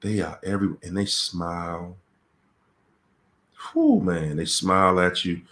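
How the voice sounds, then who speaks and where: A man hosts a live question-and-answer stream about relationships, talking in a casual, conversational yet dramatic way, repeating phrases for emphasis and acting out voices in quoted dialogue. His voice sits low, with fairly even intonation, an unhurried pace and a fairly bright tone.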